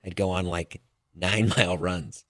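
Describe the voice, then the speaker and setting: A man's voice: low-pitched, fairly even intonation, unhurried, fairly bright tone, dry recording, studio quality. A man, a regular on a casual podcast, telling anecdotes with laughter and swearing.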